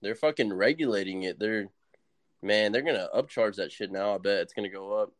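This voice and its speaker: A man's voice: lowish voice, a little fast, no room sound. A young man chatting as a podcast guest, laid-back and slangy, swearing casually.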